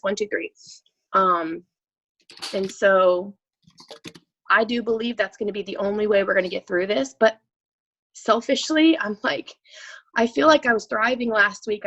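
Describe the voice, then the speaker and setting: A woman in her thirties, a coaching client, talking through her feelings in a raw, emotional, halting way with many restarts. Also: on the high side, pushed and bright, low-quality recording. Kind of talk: emotional live coaching session.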